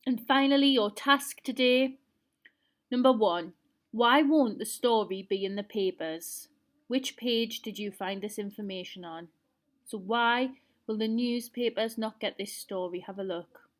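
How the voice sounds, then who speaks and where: A woman's voice: a little high, a little slow. A woman teacher reading a novel aloud to her pupils and setting quiz questions. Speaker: primary school teacher.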